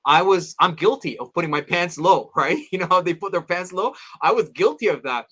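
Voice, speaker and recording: A man in his thirties, an interview guest, telling personal stories in an animated way and acting out his friends' voices. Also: brisk. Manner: animated, acts out friends' voices with big pitch jumps; addresses host as "my beloved father". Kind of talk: storytelling in casual interview.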